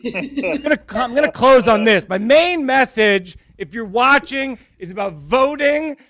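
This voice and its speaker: A man performing a stand-up comedy set, rambling and self-deprecating in a deadpan way. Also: very high voice, measured pace, no echo. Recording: crowd laughter in background. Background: audience laughter.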